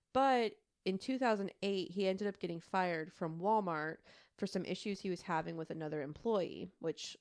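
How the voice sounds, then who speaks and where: This podcast co-host, a woman in her thirties, has a lowish voice with a somewhat dark tone. She chats casually as she recounts a true crime case, sprinkling in filler words and asides she laughs through.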